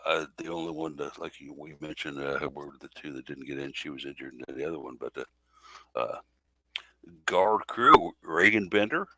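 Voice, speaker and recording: A man with a very low, bright voice co-hosts a casual sports podcast. He talks haltingly, with many fillers and quick self-corrections. The sound is dry and close. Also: dry recording. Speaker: podcast co-host.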